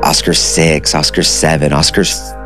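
Low-voiced man telling a personal story. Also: unhurried, over music. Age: 30s. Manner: animated, conversational, says dude and like. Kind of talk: casual storytelling.

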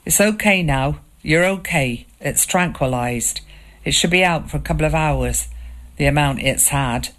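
Woman reading as a steady older gamekeeper. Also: low voice, measured pace. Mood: reassuring.

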